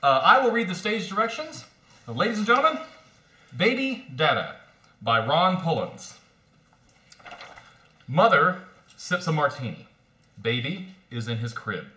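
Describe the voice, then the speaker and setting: Hesitant male podcast host, lively. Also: on the high side, measured pace, pauses often. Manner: hesitant, filler-heavy. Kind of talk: hosting and reading stage directions. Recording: echoey room.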